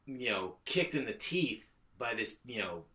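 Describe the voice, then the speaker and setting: Bright-voiced rambling podcast host. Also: male voice, medium pitch, expressive, unhurried. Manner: rambling, filler-heavy, profane. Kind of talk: casual podcast chat.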